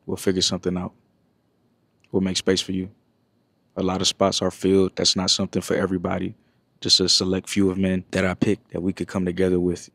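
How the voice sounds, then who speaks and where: A man's voice: low-pitched, completely flat delivery, brisk, fairly bright tone. A man hosting a motivational talk, speaking in a direct, preachy way. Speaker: host.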